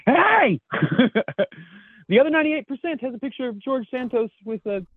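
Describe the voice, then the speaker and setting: A man's voice: very high-pitched, expressive, normal speed, breathy edge, dry recording. A man co-hosting a podcast in casual chat, laid-back and swearing, laughing as he reads out memes. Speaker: podcast co-host. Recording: dry, phone-like narrow sound.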